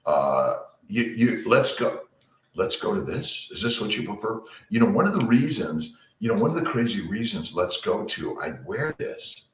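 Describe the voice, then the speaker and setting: A man hosting a casual morning livestream from his home basement office, rambling and greeting viewers by name while keeping his voice low on a headset. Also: big pitch swings, moderate pace, reverberant, far from the mic. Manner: works to keep his voice low and quiet.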